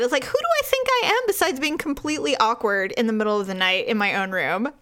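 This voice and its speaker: High-voiced woman rambling through a story. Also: lively intonation, fast talker, a bit bright. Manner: rambling storytelling with frequent laughs. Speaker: podcast co-host. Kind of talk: casual chat.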